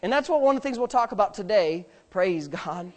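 Brisk and lively in intonation, a male pastor preaches a sermon in a sanctuary. He punctuates his emphatic message with loud bursts, quiet asides, and bits of humor.

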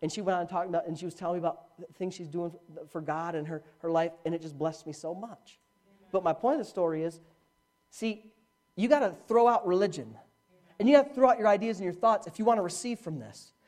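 A middle-aged man preaching a sermon as a pastor, telling a story with animated swings from hushed speech to shouting. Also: sits high, quick pace.

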